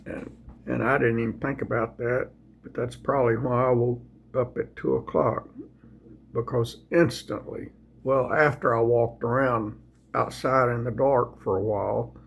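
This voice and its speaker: A man, sleepy and folksy, chatting casually and reading scripture aloud in a slow, rambling way. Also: medium pitch, fairly even intonation, creaky, slight background noise. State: sleepy, yawning. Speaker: video host sharing scripture. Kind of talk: casual devotional talk and Bible reading.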